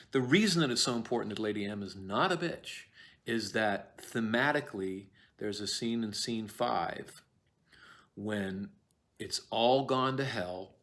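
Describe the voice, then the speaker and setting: A man's voice: fairly low pitch, a bit bright. A man giving a chatty, rambling video lecture on a play, self-deprecating and full of asides.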